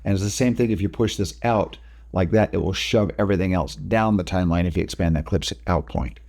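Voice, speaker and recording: A man talking through video editing steps in a casual software tutorial, explaining each click as he goes. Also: sits low, brisk, gravelly. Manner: casual, talks through each step while working. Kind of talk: screen-recorded software tutorial.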